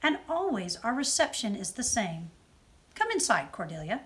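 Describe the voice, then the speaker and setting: A woman's voice: medium pitch, very animated, moderate pace, a bit bright. A woman voicing a bold, commanding elderly woman suffragist in a children's storybook reading, speaking in ringing, declamatory tones. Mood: resolute.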